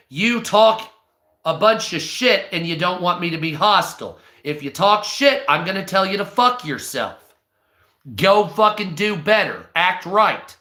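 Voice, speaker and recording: A man's voice: high voice, sharp tone, reverberant. A stoned man reading news aloud on a live stream, breaking off into profane, hostile, sarcastic rants.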